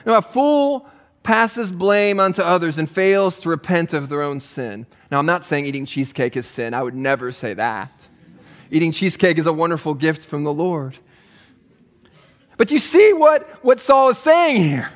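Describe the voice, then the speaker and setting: A man preaching a sermon as pastor, animated and emphatic, with touches of humor. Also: on the high side, normal speed, in a large hall.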